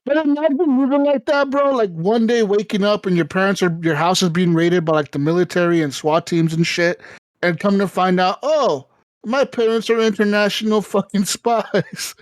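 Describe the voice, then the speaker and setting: A man hosting a podcast, telling a story in casual, excited, profane chat. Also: high voice, a little fast, no echo, rough recording. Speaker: podcast host.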